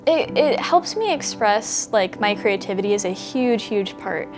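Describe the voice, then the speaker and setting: A woman in a documentary interview, talking reflectively about her art, often pausing with "um". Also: mid-range voice, lively intonation. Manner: reflective, with "um" fillers. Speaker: interviewee, fursuit wearer and artist. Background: background music.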